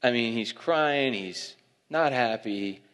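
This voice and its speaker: A young adult man preaching a sermon, telling a lively family story and laughing at it. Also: mid-range voice, slow. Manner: storytelling, animated, laughing at his own stories. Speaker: pastor. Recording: long hall reverb.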